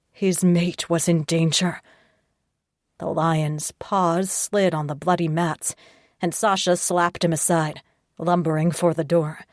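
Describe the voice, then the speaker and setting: Slow-reading woman audiobook narrator. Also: low voice, dry recording, studio quality.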